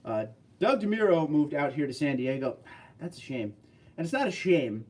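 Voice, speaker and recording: A man's voice: fairly high pitch, very animated, normal speed, darkish tone, recorded from a distance. A man hosting a casual livestream, chatting loosely and answering viewer questions as they come in. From California. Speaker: livestream host. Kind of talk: casual livestream chat reading viewer comments.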